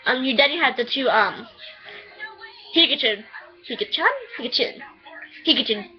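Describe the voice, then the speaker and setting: A chatty woman rambles through a casual review at home and bursts into swearing. Her voice sits a little high. The recording is dull and lo-fi. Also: animated, normal speed, soft background music. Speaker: anime reviewer.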